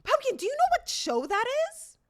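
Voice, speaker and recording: Her pitch is extremely high and her pace fairly quick. She's a young woman in her twenties on a livestream, casually talking to viewers, spinning animated stories full of laughter and the occasional curse.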